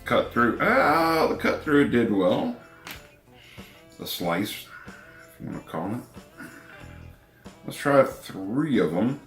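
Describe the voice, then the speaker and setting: A man's voice: medium pitch, very animated, slow pace, long pauses, fairly bright tone, echoey room, faint music behind. Drawling, wry man with a runny nose. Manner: wry, laid-back, chuckles at himself. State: runny nose, clearing his throat often. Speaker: knife reviewer. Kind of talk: casual product review vlog.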